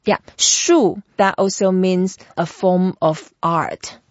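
A patient woman leads a language lesson. She explains each sound step by step and models it for her guest to repeat. Her voice sits a little low, dry and close, with a dull lo-fi tone. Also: fairly even intonation, slow pace, no room sound. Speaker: Chinese language teacher and host. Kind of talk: teaching pronunciation in an interview.

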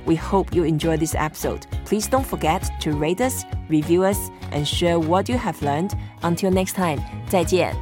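A woman with a Chinese accent hosting a language lesson podcast, who repeats phrases slowly like a patient teacher. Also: lowish voice, music in the background.

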